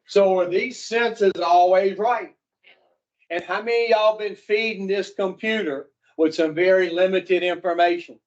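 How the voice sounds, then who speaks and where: A man's voice: high-pitched, unhurried. A man, teaching an addiction recovery group, who talks bluntly, swears freely and keeps putting questions to the room. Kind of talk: classroom talk to a recovery group. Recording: dull lo-fi recording.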